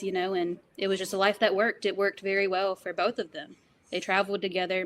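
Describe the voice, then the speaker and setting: A woman guest on a podcast interview, telling personal family stories in a lively, storytelling way. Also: lowish voice. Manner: fast, animated storytelling, quotes others' voices. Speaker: guest, wrestler's granddaughter.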